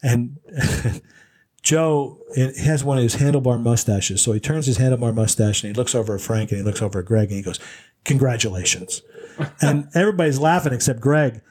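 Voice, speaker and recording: A man's voice: mid-range voice, fast talker, husky. A man co-hosting a casual chat show, telling a long anecdote with restarts and laughs. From Pennsylvania. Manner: rambling, animated storyteller with restarts and laughs. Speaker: podcast co-host.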